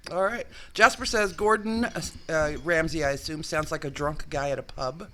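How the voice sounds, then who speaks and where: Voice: mid-range voice, moderate pace, a bit bright, a little hiss or hum. A co-host in casual chat, reading listener comments and joking playfully. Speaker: radio show co-host.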